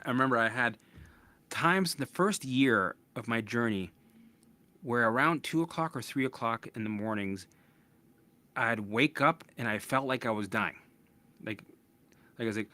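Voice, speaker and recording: A man's voice: mid-range voice, sharp tone. Blunt, profane man telling his story. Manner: blunt and profane, acts out his own past thoughts; restless, with frequent restarts and "right?" asides. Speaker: podcast host. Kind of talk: candid personal storytelling.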